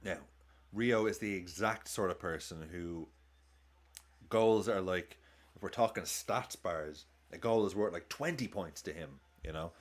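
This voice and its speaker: A man hosting a football watchalong, chatting excitably and swearing as he reacts live to the game and his chat. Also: sits low, a little slow, a little hiss or hum. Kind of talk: live match commentary and chat.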